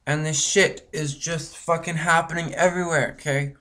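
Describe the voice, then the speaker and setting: A man's voice: on the high side, fairly even intonation, normal speed, bright, forceful tone. Angry, cursing man from Canada. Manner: frustrated, profane, rambling with many fillers. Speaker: vlogger. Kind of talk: angry ranting monologue.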